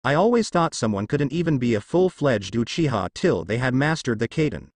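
A man voicing a calm, cocky young ninja who talks in a dry, unbothered way. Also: medium pitch, fairly quick, no echo. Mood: bored, calm.

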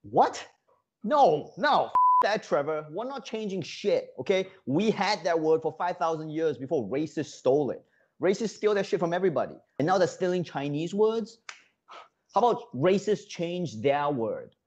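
A man's voice: on the high side, sing-song, normal speed, lo-fi sound. A man doing comedic sketch banter as a correspondent, mock-indignant and heated, with lots of uh fillers.

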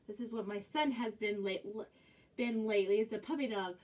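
A woman's voice: mid-range voice, a little fast, a little mellow. A woman librarian leading young children through animal games and action rhymes in a cheerful sing-song manner. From Canada. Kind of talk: children's music and movement class. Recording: distant from the mic.

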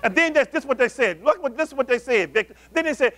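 Man, pastor, sermon, high voice, call-and-response, loud then hushed. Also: expressive, quick pace. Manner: call-and-response preaching, asking the congregation questions; swings between loud emphatic calls and low murmurs.

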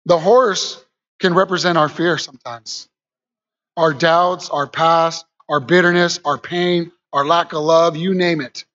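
A man preaching a lively sermon to a church congregation, calling out to them and rising to shouts. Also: a little high, measured pace, lo-fi sound. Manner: energetic, call-and-response with congregation, rises to shouts.

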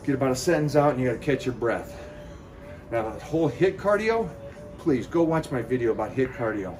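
A man mid-cardio, short of breath, talking straight to his fans in a pumped-up pep talk. His pitch sits in a middling register, and he grabs a breath after every sentence or so. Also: expressive, a little fast, a little mellow, faint music behind. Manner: pep-talk, addresses viewers directly. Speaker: fitness vlogger. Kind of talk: motivational vlog talk.

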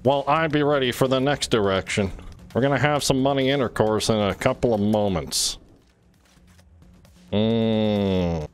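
A man's voice: mid-range voice, a little slow, smooth. A man streaming a game, ranting and swearing in exasperated, repetitive bursts. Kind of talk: frustrated gameplay commentary. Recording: faint music behind.

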